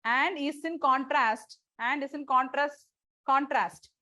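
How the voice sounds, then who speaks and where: A woman's voice: high-pitched, slow, sharp tone, no room sound. A woman teacher, dictating lecture notes to a class, repeating phrases and spelling out words letter by letter.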